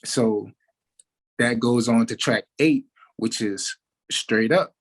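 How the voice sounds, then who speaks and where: A man, a musician giving an interview, talking in a relaxed way with many fillers like "like" and "you know". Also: mid-range voice, slow pace, breathy edge, poor audio. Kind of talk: casual interview talk.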